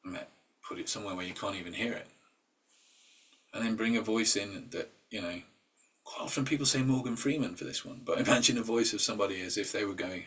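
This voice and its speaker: A husky man with a fairly low voice leads an informal mindset workshop. He talks with fillers and restarts and slips into quoted inner voices. The mic picks him up from some distance. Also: fast, a bit bright. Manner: conversational, with filler words and restarts. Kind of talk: informal talk.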